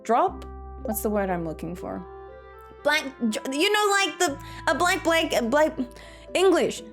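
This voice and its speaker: Playful woman streamer, high and bouncy voice, faint music behind. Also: big pitch swings, a little slow, fairly bright tone. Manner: playful, giggly, jokey. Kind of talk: casual live-stream chat.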